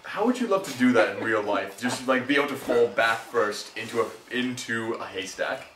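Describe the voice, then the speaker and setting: A man's voice: mid-range voice, animated, a bit bright. A young man with an American accent, joking and rambling through casual gaming chat as host. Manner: joking, rambling, quick laughs. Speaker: let's play host. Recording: roomy distant mic with noise.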